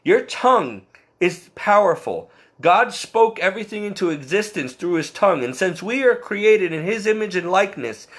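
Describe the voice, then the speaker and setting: Earnest man telling a faith story. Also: high voice. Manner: earnest, self-deprecating, laughs often; quotes himself and others in animated bursts. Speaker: Catholic layman sharing testimony. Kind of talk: personal faith talk.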